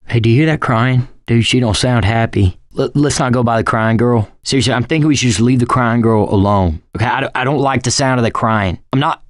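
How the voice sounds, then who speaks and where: A man's voice: medium pitch, dry recording, natural voice. A man plays a jumpy young survivor in a video game, rattling off nervous lines with stammers and restarts. His voice sits in an ordinary middle range. The sound is close and dry. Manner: rapid, nervous rambling with stammers. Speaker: game character.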